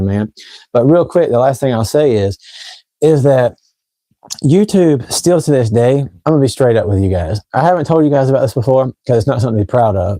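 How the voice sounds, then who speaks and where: A man's voice: medium pitch, dark tone, dry recording. A man from Tennessee with a Southern US accent, hosting a fragrance live stream and rambling chattily straight to his viewers from a room at home. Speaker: fragrance channel host. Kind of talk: casual live stream chat.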